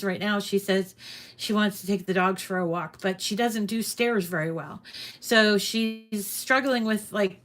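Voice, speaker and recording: Running a casual screen-share tutorial at home for her crafting channel, this woman speaks at a medium pitch with a bit of brightness. She's a little out of breath, and her chatty, meandering talk is full of ums and restarts.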